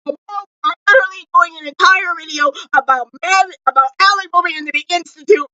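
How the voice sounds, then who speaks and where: A teenage TV reviewer in a bedroom, loud and excitable, close to tears as they react to a show. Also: very high voice, fast, no echo, muffled recording. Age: late teens. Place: bedroom at home.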